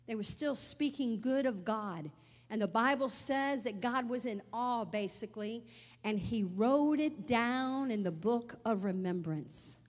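A woman's voice: fairly high pitch, expressive, measured pace, big-room sound. A woman preaching a sermon, telling an emotional personal story that swells into exclamations.

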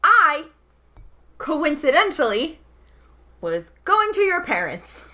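A woman's voice: high voice, big pitch swings, slow pace, sharp tone, pitched above the performer's own voice, heavily acted. A woman playing an angry young woman adventurer who makes demands and confronts people. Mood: sardonic.

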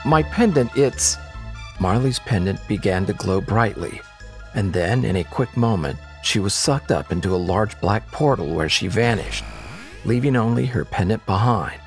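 A man narrating an adventure story in an expressive storytelling manner. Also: on the low side, moderate pace, soft background music.

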